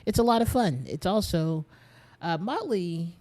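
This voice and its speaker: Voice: medium pitch, lively intonation, a little slow, a little mellow. A young adult game streamer, a bit tired and short of breath, rambling in casual chat straight to viewers while playing.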